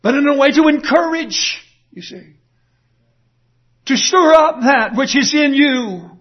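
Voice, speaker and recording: A man's voice: very high-pitched, expressive, takes it slowly, muffled recording. A man preaching a sermon in an earnest, emphatic way, asking rhetorical questions. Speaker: pastor.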